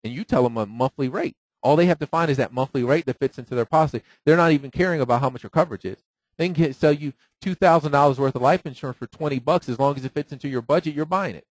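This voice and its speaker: A man's voice: on the high side, fast talker, dry recording, poor audio. Man teaching with rhetorical questions. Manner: lively, acts out phone calls in quoted voices; rhetorical questions with repeated "right?". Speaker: financial seminar speaker. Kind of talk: teaching to a live audience.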